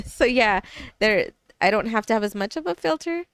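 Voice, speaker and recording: A woman's voice: a little high, animated, moderate pace, fairly bright tone, clean tone, dry recording. A woman guest on a podcast, a chatty storyteller who laughs often and slips into Spanish phrases. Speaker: guest artist and business owner. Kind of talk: casual podcast interview.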